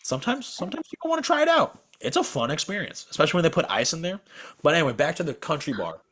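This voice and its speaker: A man's voice: on the high side, very animated, quick pace, fairly bright tone, breathy edge. A young man co-hosting a podcast over a video call, telling a story as a profane, exasperated rant. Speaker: podcast co-host.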